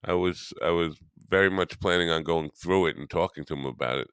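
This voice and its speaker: A man with a very deep voice hosts a morning live stream, rambling and teasing his chat in a self-deprecating way. He sounds drowsy and half awake. The sound is dry and close, with no room around it. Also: brisk, fairly bright tone, smooth, dry recording.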